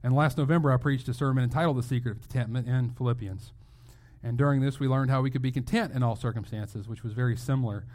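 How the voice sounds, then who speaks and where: A man's voice: mid-range voice, quick pace, a little mellow. Conversational male pastor preaching a sermon. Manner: conversational preaching with rhetorical questions and restarts.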